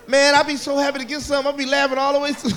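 A comic doing a cackling giddy lover. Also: male voice, very high voice, flat delivery, racing. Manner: giddy constant cackling, yelling out. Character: cackling boastful man laughing through sex. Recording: live club audience noise.

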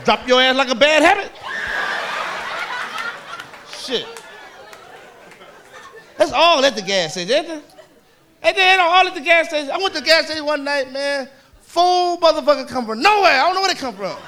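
Brash high-voiced male stand-up comic. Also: normal speed, long pauses, a faint crowd. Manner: brash, crude, animated storytelling. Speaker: stand-up comedian. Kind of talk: profane stand-up storytelling. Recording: live club with audience laughter and noise.

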